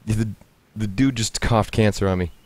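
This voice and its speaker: A man chatting casually as he plays a game, laughing often and reacting out loud to the action. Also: fairly low pitch, normal speed, dry recording. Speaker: streamer and host. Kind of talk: casual gameplay commentary.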